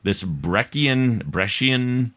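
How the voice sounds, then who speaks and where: A man's voice: mid-range voice, animated, drawn-out words, fairly bright tone. A man hosting a casual podcast, reading a listener's email aloud, laughing often and stumbling over hard words. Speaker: podcast host.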